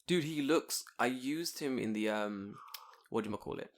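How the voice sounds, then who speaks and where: A man's voice: medium pitch, normal speed. A man co-hosting a casual podcast, swearing freely and acting out his own thoughts while he tells stories. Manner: animated, swearing, storytelling with acted-out inner voices. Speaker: podcast co-host. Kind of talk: casual chat.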